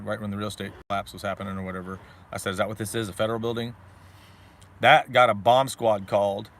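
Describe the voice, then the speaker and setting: A man's voice: lowish voice, vocal fry, fairly bright tone. A middle-aged man telling his own story in a profane, combative, rambling monologue.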